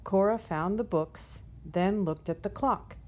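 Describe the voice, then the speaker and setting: A woman reading a children's picture book aloud in a gentle, unhurried storytelling manner. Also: medium pitch. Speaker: storybook reader.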